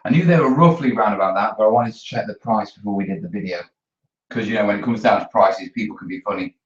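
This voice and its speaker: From across a roomy hobby workshop studio, a terrain-building channel host chats casually during a live stream in a lowish, quick voice. He's easygoing and talkative, speaking to viewers as he works, picked up by a distant, dull mic.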